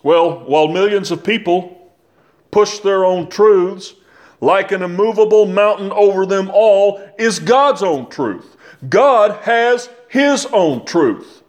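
An older man delivers a sermon in a fairly high voice. He speaks slowly and deliberately, leans on repeated phrases and puts rhetorical questions to his congregation. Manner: asks the listeners rhetorical questions. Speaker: preacher.

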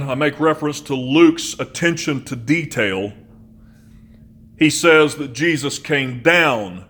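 A man preaching a sermon in a measured, emphatic way, slowing on key phrases and slipping into conversational asides. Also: medium pitch, fairly bright tone. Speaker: pastor.

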